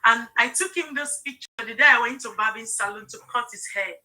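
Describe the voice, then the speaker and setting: Woman, middle-aged, live-stream host, earnest, keeps checking in with listeners, highish voice. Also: a little fast, sharp tone, poor audio. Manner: emotional, personal storytelling. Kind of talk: casual live-stream sales talk.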